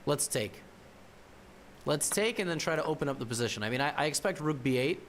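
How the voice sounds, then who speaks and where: A man's voice: fairly high pitch, lively intonation, a little fast, fairly bright tone. A man streaming a chess game and thinking aloud, his lightly raised voice leaping all over the place as he works through moves. He mutters to himself, doubles back on his own words and slips in wry jabs at his opponent. A faint hum of room ambience sits underneath. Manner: wry teasing banter at the opponent.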